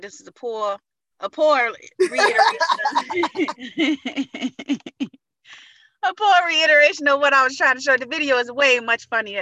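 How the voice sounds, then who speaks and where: Bright-voiced woman telling a story. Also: on the high side, no room sound. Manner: profane, laughing, animated retelling. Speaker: podcast co-host. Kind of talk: casual chat, storytelling.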